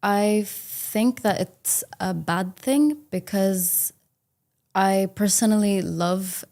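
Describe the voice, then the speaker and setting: A woman's voice: mid-range voice, takes it slowly, darkish tone. A woman from India, a test candidate, answering speaking-exam questions thoughtfully with occasional fillers. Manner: thoughtful, with fillers like um and you know.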